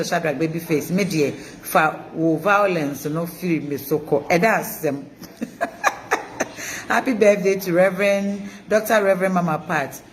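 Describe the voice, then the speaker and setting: A Ghanaian woman hosting a live stream, mixing Twi and English, reading viewer comments in an animated, chanting way. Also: lowish voice. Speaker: host of an online news channel.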